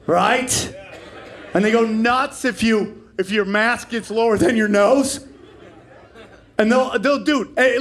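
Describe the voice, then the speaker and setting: A man's voice: high voice, fairly bright tone. A man in his forties performing a stand-up comedy set, brash and profane, riffing with the crowd. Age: 40s.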